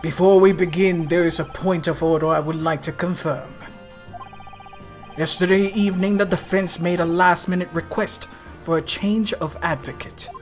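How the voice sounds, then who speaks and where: A woman's voice: on the low side, steady tone, normal speed, soft background music, close to an everyday voice. A woman reading as a stern male judge. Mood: formal. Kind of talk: reading game dialogue aloud.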